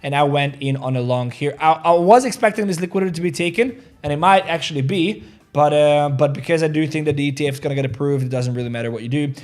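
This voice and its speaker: Hosting a crypto trading livestream, a man with a slightly high voice talks fast and rambles in a casual way. He reads out viewer comments, curses freely, and teases viewers about their likes.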